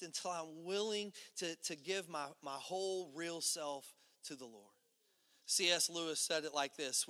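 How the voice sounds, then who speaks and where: A man preaches a sermon with a high, bright voice that rings out in a church hall with a long reverb. He talks to the congregation conversationally, pushing some lines out loud and dropping others to a low hush. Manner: conversational preaching, swinging between loud emphatic and hushed low delivery. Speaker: pastor.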